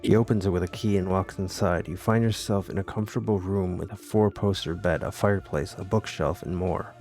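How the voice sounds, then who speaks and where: A man reading a text adventure game aloud and adding wry, deadpan comments between lines. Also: low voice, brisk, soft background music. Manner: wry, deadpan asides with laughs. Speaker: gamer playing a text adventure.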